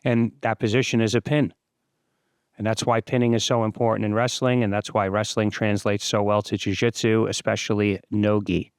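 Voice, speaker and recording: A man in his fifties, host of his own channel, giving relaxed, explanatory voice-over commentary on sparring footage. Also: on the low side, moderate pace, clean tone, no echo, studio quality. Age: 50s.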